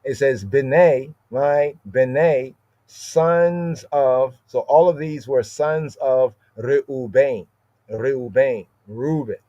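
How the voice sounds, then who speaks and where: A man's voice: mid-range voice, very slow, warm tone, dry recording. A man teaching scripture on a podcast in a loose, informal way, repeating key words and asking "right?" after nearly every point. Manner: repeats words, constant "right?" tag questions. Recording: dry, slightly dull audio.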